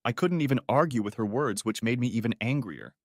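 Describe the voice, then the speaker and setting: Sex: man. Role: audiobook narrator. Style: scripted first-person story. Pitch: lively. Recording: dry. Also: a little fast, dry recording. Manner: dramatic, expressive storytelling.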